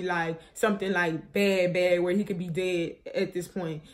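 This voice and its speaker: A woman's voice: lowish voice, fairly even intonation, moderate pace. Grieving young woman, rambling vlog story. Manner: rambling, restarts often, many fillers; grieving, subdued and shaky. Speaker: vlogger. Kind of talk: emotional personal story to viewers.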